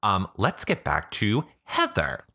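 Male podcast host, low but bright voice, lively, self-interrupting comic reader. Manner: animated, interrupts himself, quick asides. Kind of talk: comedic blog reading with commentary. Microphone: podcast microphone.

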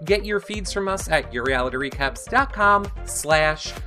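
A man hosting an online interview show, playful and excitable. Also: fairly high pitch, normal speed, faint music behind. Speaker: host.

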